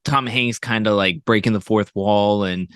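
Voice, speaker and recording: A man's voice: on the low side, normal speed, fairly bright tone, smooth, dry recording, studio quality. A man co-hosting a podcast, giving his movie opinions casually with a lot of hesitation. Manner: hesitant, many fillers and restarts. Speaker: podcast guest co-host. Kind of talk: casual movie review chat.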